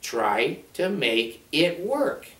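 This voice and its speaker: A blunt, sardonic man rambles through a casual monologue, his voice pitched a little high. He sits back from the mic, so the room rings around him and he sounds distant. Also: huge pitch swings, drawn-out words, fairly bright tone, reverberant. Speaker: counselor.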